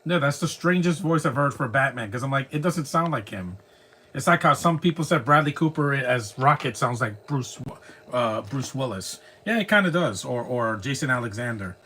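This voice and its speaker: A man's voice: mid-range voice, animated, moderate pace, sharp tone, a little hiss or hum. A man live streaming, chatting casually through a movie reaction, rambling and laughing at his own jokes.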